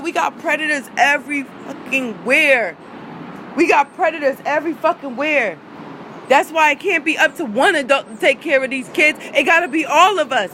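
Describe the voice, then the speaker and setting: Heated and cursing, a woman vlogger rants on a phone livestream outdoors, hitting her points repeatedly. She has a high-pitched, somewhat bright voice, and a little hiss or hum can be heard.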